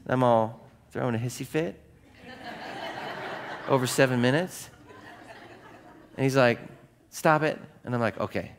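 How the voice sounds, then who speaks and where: A middle-aged man preaches from a church stage, talking to the congregation as if chatting with them. His voice sits at an ordinary pitch for a man. He keeps asking the room questions and acts out the voices in his stories. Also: moderate pace, long pauses, a little hiss or hum. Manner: conversational, asks the congregation questions, acts out quoted voices in anecdotes. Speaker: pastor. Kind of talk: sermon.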